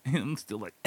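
A man's voice: lowish voice, no echo. A man casually telling a personal story, loose and profane, often laughing as he talks. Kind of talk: casual spoken anecdote.

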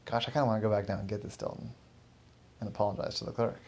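A man's voice: lowish voice, steady tone, very fast, darkish tone. A man voicing an anxious young man who keeps apologizing and restarting his sentences. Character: nervous anxious young man moving house.

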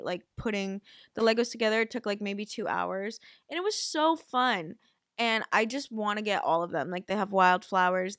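A woman's voice: mid-range voice, a bit bright, smooth, no room sound, studio quality. A young woman hosting a podcast, chatting casually with lots of fillers and casual swearing. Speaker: podcast host. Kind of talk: casual chat.

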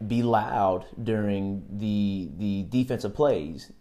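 A man talks through basketball tryout advice like a coach, direct and repetitive for emphasis. His voice sits low and has a mellow, dark tone. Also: slow. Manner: coaching, direct, repeats key words. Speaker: podcast host giving basketball tryout tips. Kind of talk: casual advice monologue.

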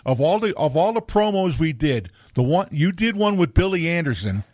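Excitable high-voiced co-host. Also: male voice, moderate pace, no echo. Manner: excited, stammers and repeats words. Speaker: podcast co-host. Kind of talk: casual interview chat.

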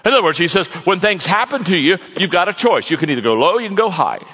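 A man's voice: high-pitched, sing-song, quick pace, pushed and bright, slightly rough. A man preaching a sermon in a folksy, joking storytelling manner to a large audience. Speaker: pastor, guest speaker. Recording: long reverb of a large hall.

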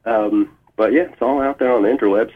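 A man as a guest musician in a phone interview, talking in a relaxed, thoughtful way with many fillers. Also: mid-range voice, a little fast, husky. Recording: tinny phone line.

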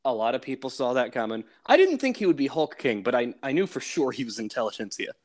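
A man's voice: mid-range voice, big pitch swings, fast. An enthusiastic man co-hosting a casual podcast, with an ordinary mid-range voice. He laughs a lot and retells scenes in loose conversation. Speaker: podcast co-host.

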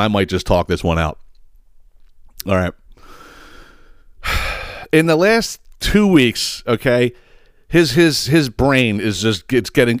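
In a dry, studio-quality recording, a medium-pitched man hosts a podcast and delivers a profane political rant. He's emphatic, curses a lot, and keeps repeating himself.

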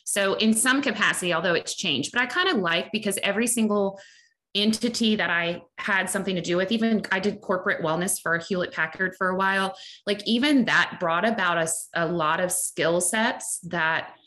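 A woman's voice: mid-range voice, fairly quick, sharp tone. A woman in her forties with a Southern American accent, a strength coach chatting in a podcast interview, laughing easily and rambling. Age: 40s.

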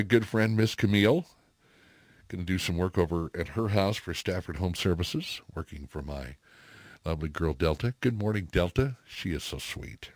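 A middle-aged man hosts a morning radio show from a studio, chatting casually in a folksy way with plenty of fillers. His voice is low-pitched and creaky, and the studio-quality recording has no room sound.

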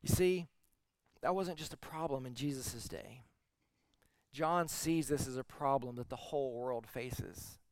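A man's voice: mid-range voice, a little slow, no echo. Man preaching a dry, close-miked sermon. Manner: conversational storytelling preaching, swings from soft to emphatic. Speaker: teaching pastor.

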